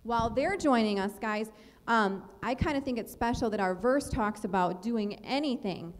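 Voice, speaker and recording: Higher-voiced woman guiding kids in church. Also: normal speed. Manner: friendly, guiding kids, asking questions. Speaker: children's ministry leader. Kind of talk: church service announcement. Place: church sanctuary. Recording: long church hall reverb.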